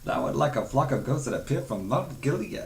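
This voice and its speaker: A man's voice: medium pitch, sing-song, brisk, creaky, reverberant, far from the mic, pitched above the performer's own voice. A man putting on the voice of a stuffy middle-aged British sitcom father, with a posh, clipped put-on British accent. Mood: mock-posh.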